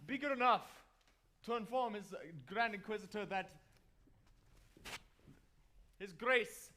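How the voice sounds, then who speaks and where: A vain, moth-eaten duke from a staged operetta, played by a man. He declaims pompously in a fairly high, bright voice. Recorded live on stage. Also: moderate pace. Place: theatre stage, live performance.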